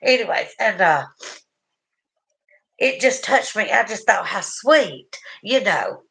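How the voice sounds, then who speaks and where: A woman's voice: mid-range voice, sing-song, takes it slowly, gravelly, fairly bright tone, poor audio. Tearful Southern woman hosting a livestream. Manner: rambling, often trails off with "anyways". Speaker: livestream host. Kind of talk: emotional livestream chat.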